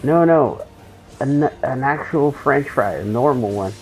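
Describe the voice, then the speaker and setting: Gravelly-voiced man telling rambling jokes. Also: medium pitch, animated, measured pace, faint music behind, poor audio. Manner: rambling joking anecdotes, loose and profane. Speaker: game streamer. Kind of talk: casual storytelling while gaming.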